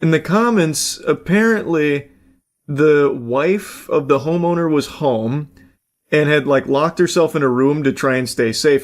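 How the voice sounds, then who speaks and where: A man giving blunt, casual reaction commentary, talking loosely with plenty of fillers. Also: a little high.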